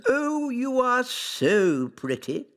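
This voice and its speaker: A man's voice: very high-pitched, very animated, drawn-out words, a bit bright, full character voice. An actor playing a mischievous wise old male elf who chuckles and teases in a cartoon. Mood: teasing. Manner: chuckling, teasing.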